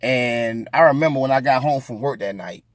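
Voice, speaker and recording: A man's voice: medium pitch, moderate pace, no room sound. A man hosting a podcast, chatting loosely and rambling with lots of fillers. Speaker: podcast host. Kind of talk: casual chat.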